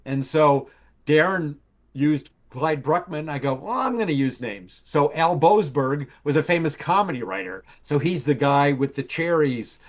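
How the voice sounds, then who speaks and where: Older man, rambling anecdotes, slightly high voice, lots of ums, acts out voices. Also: lively intonation, unhurried. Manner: rambling storyteller with many fillers, acts out quoted voices. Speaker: TV writer and producer guest. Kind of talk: casual anecdote telling. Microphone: live stream call.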